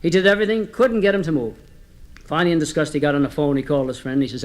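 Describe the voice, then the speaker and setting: On a comedy record, a storyteller with a fairly high voice rattles off homespun jokes very fast. His delivery is chatty and easygoing, and he frequently turns to address his listeners.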